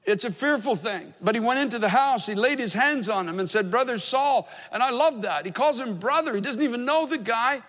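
A man's voice: very high-pitched, animated, fairly quick, few pauses, a bit bright. A man preaching a sermon as pastor, telling a story in an earnest, emphatic way. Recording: long hall reverb.

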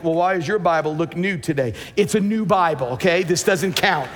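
A man's voice: fairly high pitch, normal speed, few pauses, in a large hall. A man preaching a sermon as pastor, emphatic and repeating words as he builds his points.

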